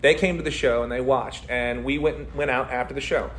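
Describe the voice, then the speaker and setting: A man, a community theater actor, chatting as an interview guest in an energetic, rambling way full of fillers and tangents. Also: mid-range voice, fairly quick, a little hiss or hum. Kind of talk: casual interview chat.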